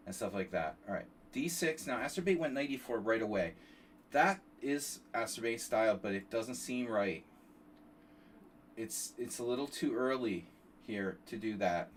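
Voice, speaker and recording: A man's voice: medium pitch, recorded from a distance, a little hiss or hum. A man coaching chess on a live stream, talking casually, wandering into side stories and swearing offhand. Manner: rambling, digressive, swears casually.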